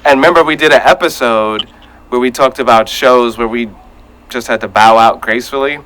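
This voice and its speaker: A man hosting a casual podcast chat, talking in an animated way and acting out his reactions. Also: medium pitch, a little fast, smooth, rough recording. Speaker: podcast host.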